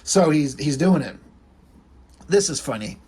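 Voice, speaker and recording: A man's voice: fairly high pitch, animated, measured pace, dark tone, slight background noise. A man casually talking through an old comic, rambling and swearing as he goes. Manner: rambling, swears, reads comic lines aloud. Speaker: comic book reviewer. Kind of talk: casual comic review chat.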